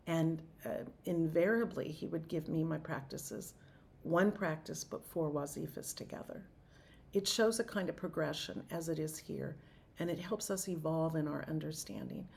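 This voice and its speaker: A woman teaching as a Sufi teacher and leading a slow, intoned group chanting practice. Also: low-pitched, vocal fry. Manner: slow, soft-spoken, drawn-out intoned chanting.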